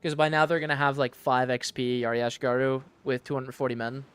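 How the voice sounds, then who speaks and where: A man streaming a strategy game, commenting casually and thinking aloud in a relaxed, matter-of-fact way on a studio microphone. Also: mid-range voice, quick pace, smooth. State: sleepy, yawning. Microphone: studio dynamic mic.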